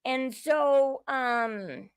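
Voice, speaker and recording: A woman's voice: sits high, drawn-out words, clean tone, no room sound. A woman hosting her own show, giving indignant, opinionated commentary on a reality show and repeating herself as she builds each point. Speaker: show host.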